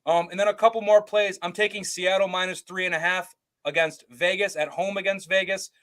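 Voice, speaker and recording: A man's voice: sits high, steady tone, fairly quick, fairly bright tone. A man co-hosting a casual sports betting podcast, giving his picks with blunt confidence. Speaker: co-host picking bets.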